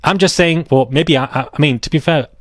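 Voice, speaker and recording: A man hosting a commentary channel, giving rapid, animated opinions with sarcastic asides. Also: fairly high pitch, dry recording, studio quality.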